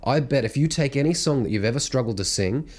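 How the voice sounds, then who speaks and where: Animated, blunt male singing coach. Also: mid-range voice, fast talker. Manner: blunt, animated teaching with sung and hummed demonstrations. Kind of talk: vocal technique lesson to camera.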